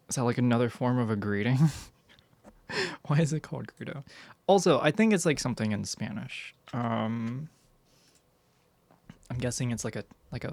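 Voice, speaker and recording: A man's voice: mid-range voice, a little mellow. A man streaming live, chatting casually with his viewers and reading their messages aloud, full of "like" fillers. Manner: rambling, many "like" fillers, reads chat aloud. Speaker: livestreamer.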